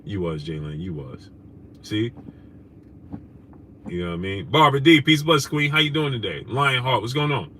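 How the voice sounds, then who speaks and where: New guy on a live stream, bright punchy voice, slangy, shouting out chat names, bit of noise behind. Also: medium pitch, expressive, normal speed, pauses often. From New York. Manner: loose, slangy, shouting out viewers by name. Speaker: host. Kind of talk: casual live-stream chat, reading super chats.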